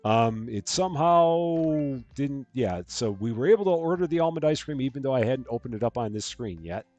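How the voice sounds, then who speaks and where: Lively chatty man streaming. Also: medium pitch, moderate pace, faint music behind. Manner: chatty, reads out jokes and greets chat viewers. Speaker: live stream host. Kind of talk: casual gameplay commentary.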